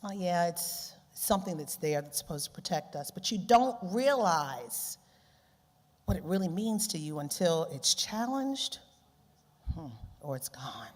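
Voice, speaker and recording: Low-voiced woman giving a lively speech. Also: normal speed. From Baltimore, USA. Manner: animated, laughs often, repeats phrases. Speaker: keynote speaker, journalist. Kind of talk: conference speech. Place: large conference hall. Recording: long hall reverb.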